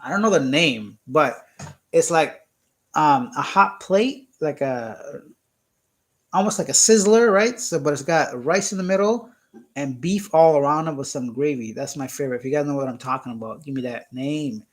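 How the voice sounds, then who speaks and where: Hosting his YouTube channel's relaxed live stream, this young Canadian reads out viewers' comments at a moderate pace. He jokes and teases, frequently bursting into laughter, with a voice pitched slightly high for a man.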